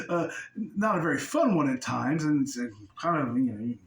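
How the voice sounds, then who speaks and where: A man's voice: on the high side, lively intonation, unhurried. A man giving a casual spiritual talk, swearing freely and laughing often as he explains. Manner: profane, laughing, conversational. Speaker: spiritual teacher. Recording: roomy sound from a distance.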